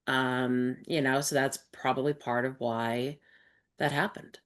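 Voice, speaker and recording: Very low-voiced woman hosting a discussion. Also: fairly even intonation, unhurried. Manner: reflective, thoughtful, with frequent fillers. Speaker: host and support group facilitator. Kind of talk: conversational group discussion.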